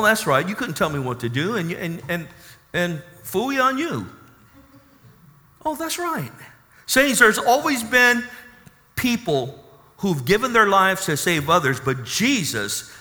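A man's voice: sits high, bright, forceful tone, big-room sound. A man preaching a sermon with emphatic, call-and-response asides to his congregation. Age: 30s. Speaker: pastor.

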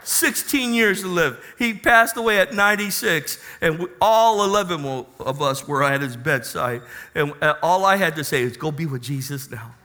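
A man preaching a sermon as a pastor, telling a personal story with passion and loud emphatic bursts. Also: high-pitched, moderate pace.

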